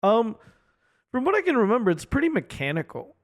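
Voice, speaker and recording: A man's voice: very high-pitched, huge pitch swings, fairly quick, no room sound, clean studio sound. A man co-hosting a casual film podcast, rambling with many fillers and joking around. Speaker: podcast co-host. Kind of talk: casual chat.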